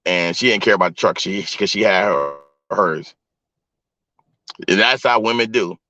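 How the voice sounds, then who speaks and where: A man's voice: lowish voice, moderate pace, sharp tone. A man vlogging from a vehicle on his phone, telling stories to his live chat in a loose, profane, talk-straight-to-you way. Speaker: vlogger and live-stream host. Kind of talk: casual storytelling to a live chat. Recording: dull lo-fi phone audio, dry.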